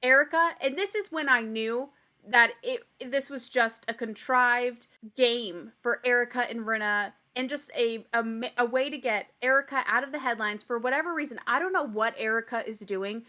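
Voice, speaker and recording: A young woman hosts a chatty recap podcast in a high, bright voice. She speaks with blunt opinions and plenty of swearing. She slips into quick impressions of the people she quotes. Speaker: podcast host.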